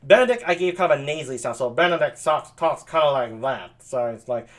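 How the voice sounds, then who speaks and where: A man's voice: on the high side, sing-song, fairly quick. A man reading a play aloud on a live stream, chatty, self-deprecating and full of hesitations.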